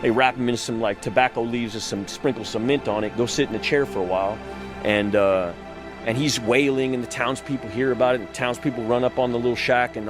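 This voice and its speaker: Male storyteller, mid-range voice, casual and profane, with soft music underneath. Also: mid-range voice, fairly even intonation, brisk. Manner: loose and profane, with frequent restarts.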